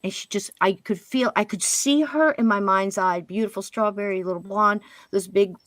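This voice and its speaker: A woman telling a spirit story as a guest medium on a paranormal interview show, acting out what she and others said and dropping into a hush at times. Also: medium pitch, normal speed, no room sound. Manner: animated, quotes spirits and herself in hushed voice.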